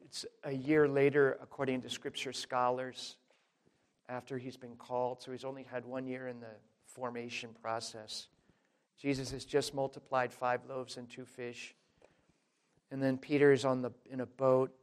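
A man preaching a sermon in an emphatic, conversational way, talking straight to the listeners and swinging between loud and quiet. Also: mid-range voice, flat delivery, moderate pace, clean tone. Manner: addresses listeners directly as folks.

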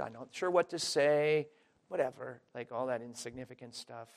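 A man preaching a sermon in an emphatic, conversational way, talking straight to the listeners and swinging between loud and quiet. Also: mid-range voice, moderate pace. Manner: addresses listeners directly as folks.

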